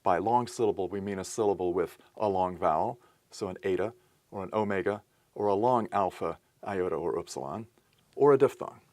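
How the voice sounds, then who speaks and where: A man with a fairly low voice gives a recorded lesson. He explains step by step in a methodical, patient way, with the odd small self-correction. The sound is dry and close to the mic. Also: fairly quick, a little mellow, no echo. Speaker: teacher. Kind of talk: recorded lecture.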